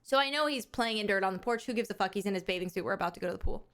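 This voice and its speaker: A woman streamer chatting casually with her viewers, animated and candid, often laughing and swearing freely. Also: medium pitch, racing. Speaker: live streamer.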